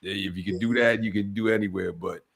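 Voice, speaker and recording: A man's voice: on the low side, steady tone, fast talker, vocal fry, a bit bright. A man co-hosting a casual chat, speaking hesitantly with many fillers and restarts. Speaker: guest co-host.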